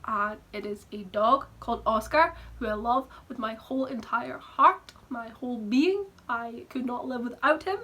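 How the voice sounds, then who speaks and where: Bubbly young Scottish woman, bright voice. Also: fairly high pitch, normal speed, slightly rough. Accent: southwest Scottish, softened. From Scotland. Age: 20s. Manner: bubbly, rambling and self-mocking, laughs often. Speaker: book vlogger. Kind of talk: casual chat to camera.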